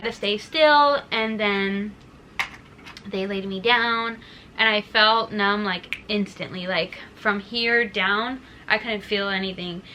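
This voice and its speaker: A woman's voice: a little high, sharp tone, slight background noise, rough recording. A young woman vlogger telling a personal story in a casual, chatty way, full of fillers and emotion.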